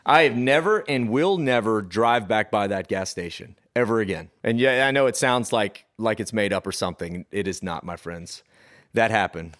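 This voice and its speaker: A man with a somewhat low voice tells a ghost story as a podcast co-host. He rambles casually, circling back with fillers and half-finished phrases before landing each beat. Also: lively intonation, fairly bright tone. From Texas, Austin area. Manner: chatty, drawn-out, with fillers and restarts. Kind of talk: casual storytelling of a spooky true tale.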